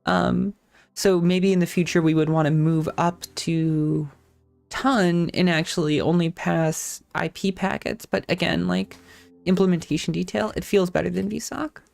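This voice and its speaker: A woman's voice: lowish voice, steady tone, measured pace, gravelly, darkish tone, soft background music. A woman hosting a casual live-stream tech talk, thinking aloud with restarts, self-corrections and casual swearing.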